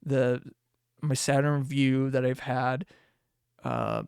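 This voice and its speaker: A man hosting a casual solo podcast, rambling, swearing and laughing often, with sudden jumps in pitch. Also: huge pitch swings, slow, vocal fry, darkish tone, smooth, dry recording, studio quality. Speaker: podcast host.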